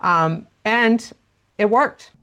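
A woman's voice: a little high, drawn-out words, pushed and bright, clean tone. A woman answering interview questions as a parenting expert, explaining at length with frequent fillers.

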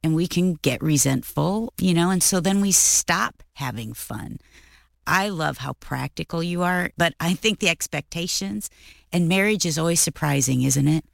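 Gravelly low-voiced woman co-hosting a talk show. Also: moderate pace, dry recording, clean studio sound. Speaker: co-host. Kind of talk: radio talk show conversation.

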